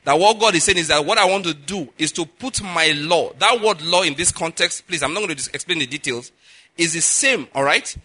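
Pastor man preaching, high bright cutting voice, keeps asking "you get it?". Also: brisk, breathy edge. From Nigeria. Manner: emphatic preaching, checking in with the listeners. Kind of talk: sermon.

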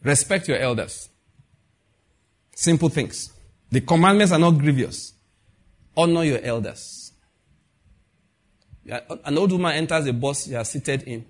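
Here the middle-aged Nigerian-accented preacher speaks a little slowly, on the high side, pausing often. His sermon stays conversational and animated as he acts out quoted dialogue and asks his listeners questions.

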